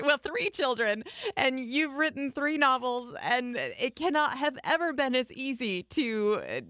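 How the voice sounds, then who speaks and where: A woman's voice: a little high, fairly bright tone, no echo, clean studio sound. A woman hosting a radio book discussion, steering the conversation and taking callers. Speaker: radio book show host.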